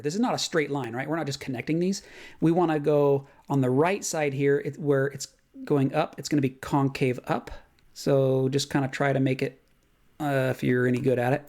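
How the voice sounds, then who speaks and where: A man teaches a math lesson on a recording, keeping it casual as he thinks aloud, using fillers and correcting himself quickly. His voice is on the high side with a somewhat dark tone.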